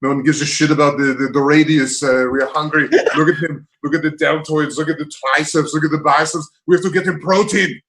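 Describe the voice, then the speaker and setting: A man doing an impression of a commanding older male bodybuilder star, speaking curtly and deadpan. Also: fairly high pitch, a little fast, few pauses, slight background noise. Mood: bossy. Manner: curt, bossy, deadpan.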